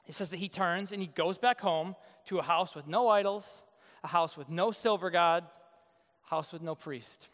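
A man's voice: high voice, normal speed, a bit bright, in a large hall. A male pastor preaching a sermon in a casual, joking way, acting out the quotes in his story. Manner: conversational, joking, acts out quotes.

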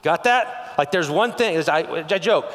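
A pastor from West Texas preaching a sermon in a conversational way, firing off rhetorical questions and checking in with "okay?". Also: male voice, on the high side, animated, normal speed, fairly bright tone, big-room sound.

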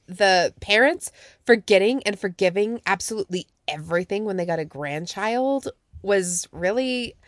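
A woman co-hosting a casual chat about a TV show, swinging into high mock quotes of dialogue. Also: fairly bright tone, dry recording, studio quality. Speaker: podcast co-host.

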